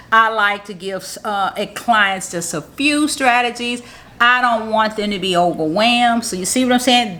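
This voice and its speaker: Upbeat, bright-voiced woman teaching marketing. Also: a little high. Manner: upbeat, positive, motivational; repeats points in plain, encouraging teaching talk. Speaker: marketing strategist. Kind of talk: casual how-to tutorial to camera.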